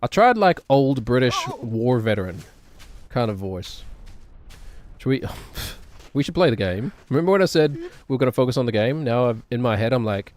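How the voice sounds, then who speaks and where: A man's voice: mid-range voice, sing-song, normal speed, darkish tone, a little hiss or hum. A man streaming a game, chatting in a rambling, joking way with self-deprecating asides. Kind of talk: casual gaming stream chatter.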